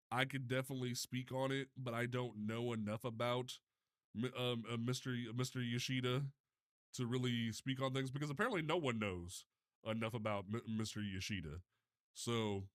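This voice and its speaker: A man with a bright, forceful voice chats loosely on a livestream. He swears freely and trips over his words, restarting sentences as he goes, in a mid-pitched everyday tone. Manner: animated, profane, stumbling restarts. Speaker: livestream host. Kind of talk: casual livestream chat.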